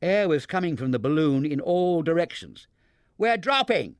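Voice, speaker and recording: A man reading a children's storybook aloud in an expressive, animated manner into a close mic. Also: a little high, moderate pace, no echo.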